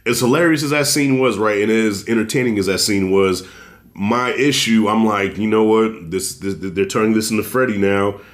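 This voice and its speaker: A man co-hosting a casual horror movie review, blunt and profane, telling scenes with animated storytelling. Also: fairly low pitch, normal speed. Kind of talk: casual spoiler discussion.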